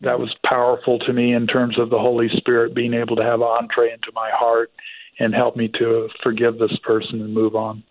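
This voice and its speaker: Man on a phone line, flat steady voice, reflective and measured, sounds tinny. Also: mid-range voice, dry recording. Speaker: guest psychologist and author. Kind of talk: interview.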